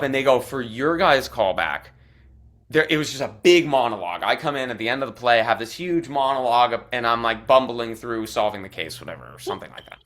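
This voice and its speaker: A young adult man from Arizona, an actor telling stories as a guest, animated and chatty with lots of "like" fillers. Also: mid-range voice. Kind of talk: casual storytelling in interview.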